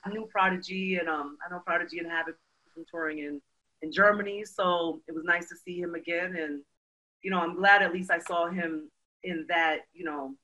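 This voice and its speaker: A woman, a guest in a casual interview, telling her story with energy and leaning on lots of "you know"s. Her voice has a bright, forceful edge that carries each line. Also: on the low side, fairly even intonation, normal speed, poor audio. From Brooklyn, New York.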